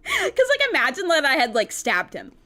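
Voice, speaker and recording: Brief: chatty woman streamer, rambling and laughing, very lively pitch. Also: moderate pace. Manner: excitable, giggly, rambling with many restarts. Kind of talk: casual game let's-play. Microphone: desk microphone.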